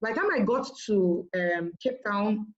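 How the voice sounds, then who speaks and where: A woman telling her business story in a lively storytelling manner, often acting out what others said in a raised voice. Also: mid-range voice, a little slow. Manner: animated, quotes others in raised voice. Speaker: marketing director sharing her business story. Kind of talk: storytelling talk. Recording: dull lo-fi sound.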